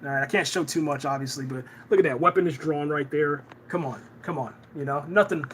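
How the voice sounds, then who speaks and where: An excitable young man reviews a TV episode live as the host of a reaction channel. His voice is fairly high and bright, and it is often stressed, and his words stumble and repeat, with "man" at the end of nearly every sentence. A faint hiss of background noise sits under the recording. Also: fairly quick.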